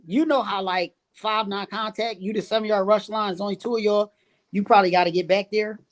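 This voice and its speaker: A man, a referee guest on a casual podcast, telling stories in an animated, exasperated way and laughing through them. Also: sits high, a little fast. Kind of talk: casual storytelling chat.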